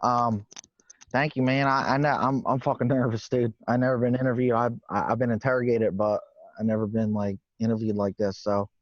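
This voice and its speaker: In an improvised comedy character interview, a man plays a nervous, rambling working-class guy who stammers and swears casually. His natural, mid-range voice is level and brisk, and the sound is dry, dull and lo-fi.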